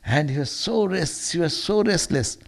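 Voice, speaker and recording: A man's voice: fairly high pitch, lively intonation, moderate pace, creaky. A man, a monk, giving a Sunday lecture as a storytelling sermon, earnest and often restarting or repeating words.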